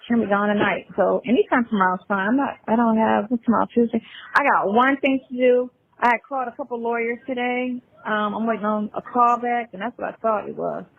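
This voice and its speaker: Gravelly woman on a tinny phone line. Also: fairly high pitch, fast talker. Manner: rambling, hesitant, many fillers. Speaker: caller in a played live call. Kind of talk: rambling phone conversation.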